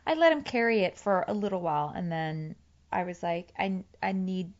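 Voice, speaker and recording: A woman's voice: lowish voice, lively intonation, moderate pace, lo-fi sound. A woman candidly recounting a fight with her partner, acting out both sides of the conversations. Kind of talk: candid personal storytelling.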